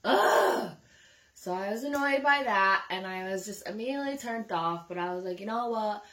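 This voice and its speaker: A woman's voice: medium pitch, a little fast, bright, forceful tone. A young woman vlogging casually, chatty and candid and swearing freely as she tells a story.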